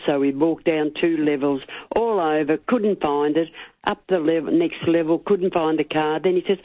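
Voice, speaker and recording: A woman's voice: sits low, normal speed, dry recording. A woman calling a radio show and chattily telling a story. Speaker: caller. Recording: tinny phone line, dry.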